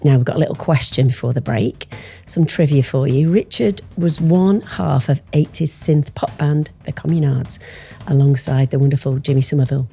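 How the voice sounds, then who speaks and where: A woman's voice: low-pitched, normal speed, vocal fry, husky. A middle-aged woman hosting a podcast, chatting casually, telling stories and laughing easily. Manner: chatty, warm laughter, storytelling. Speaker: podcast host. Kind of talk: casual chat.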